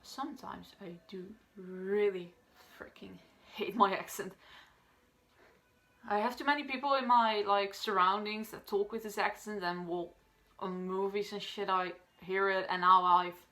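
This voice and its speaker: Dutch-native girl, 18, rambling to camera, tons of fillers, mid-pitch voice. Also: a little slow, bright, forceful tone. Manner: chatty, rambling, many fillers and restarts. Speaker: vlogger. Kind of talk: casual talk to camera.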